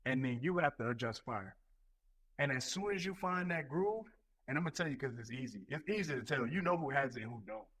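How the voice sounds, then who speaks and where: A man in his thirties, a Marine recruiting leader and podcast guest, telling stories in a profane, animated way full of repetitions. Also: medium pitch, a little fast, breathy edge, rough recording. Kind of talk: casual podcast chat.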